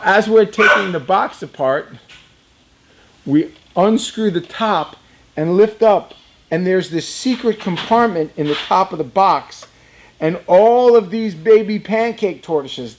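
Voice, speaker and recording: High-voiced man telling a story. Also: lively intonation, measured pace, slight background noise. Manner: chatty, addresses young viewers directly; laughs often while telling the tale. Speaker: reptile business owner. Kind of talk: casual personal storytelling.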